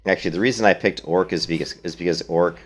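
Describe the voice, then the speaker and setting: Deep-voiced man streaming a game. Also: fast. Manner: chatty, answers viewer chat, blunt and opinionated. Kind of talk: casual let's-play commentary.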